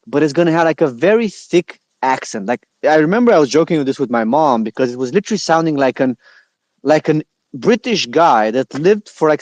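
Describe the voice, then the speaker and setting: Brief: man, podcast guest, casual and jokey, slightly higher voice, dry close recording. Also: no echo. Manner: relaxed, jokey, uses many filler likes.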